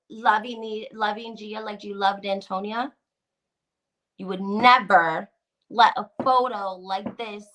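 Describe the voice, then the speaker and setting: With a mid-range voice, a woman runs a casual gossip livestream, reading viewer comments aloud as she goes. She sounds animated and opinionated, peppering her talk with "like"s and restarts.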